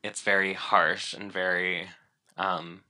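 Casting: male co-host, low pitch but very bright, relaxed, hesitant delivery. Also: slow pace. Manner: easygoing, hesitant with fillers. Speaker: podcast co-host. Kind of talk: casual chat.

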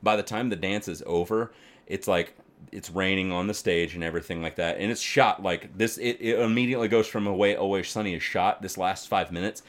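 Deep-voiced man rambling in casual chat. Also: brisk. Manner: rambling, animated, swears often, many fillers.

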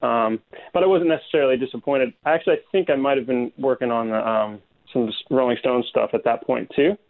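A man's voice: mid-range voice, a little fast. Hesitant man on a tinny line. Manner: hesitant, soft-spoken, full of ums. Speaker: guest artist. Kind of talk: casual interview chat.

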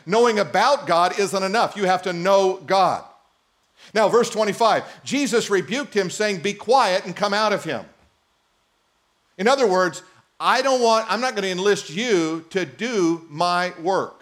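A man preaching a sermon as a pastor, reading scripture aloud and joking with the congregation in an animated way. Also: high voice.

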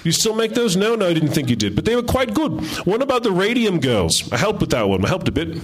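A chatty, laid-back Australian man in his forties, talking in loose, rambling bursts that trail off, as a reader puts him on. The voice sits well above the reader's usual low register, with a put-on Australian accent. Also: big pitch swings, fast talker, slightly rough, exaggerated voice. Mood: rambling friendly.

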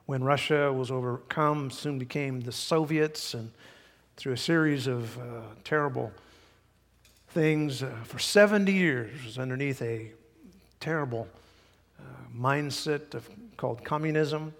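A man's voice: mid-range voice, a little slow, big-room sound. A man preaching a sermon in a church, folksy and emphatic, sometimes mimicking people to make a point. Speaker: pastor. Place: church sanctuary.

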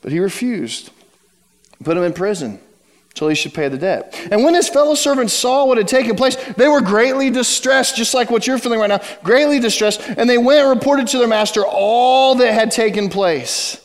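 A man preaching a sermon to his church, telling a story with dramatic shifts between loud emphasis and hushed words. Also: extremely high pitch, expressive, moderate pace, big-room sound. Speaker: pastor. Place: church sanctuary.

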